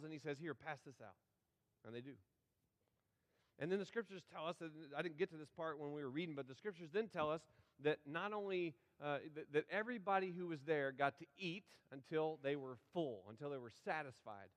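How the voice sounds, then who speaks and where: A man preaching a sermon, telling the story in a folksy way, acting out the characters and getting the congregation to join in. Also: on the high side. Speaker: pastor. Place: large church sanctuary. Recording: long hall reverb from the sanctuary.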